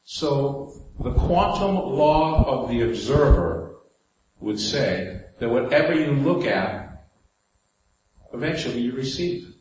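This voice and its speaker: A man's voice: medium pitch, very animated, takes it slowly, long pauses, darkish tone. A man with a New York accent preaching a sermon in a conversational way, putting rhetorical questions to the congregation. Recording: very echoey hall, faint room noise.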